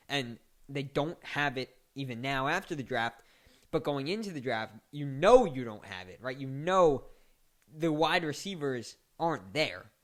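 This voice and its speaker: Man, casual sports talk, chatty, mocking laughs, mid pitch. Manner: chatty, laughs and mocks with rising animated outbursts. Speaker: sports podcast host.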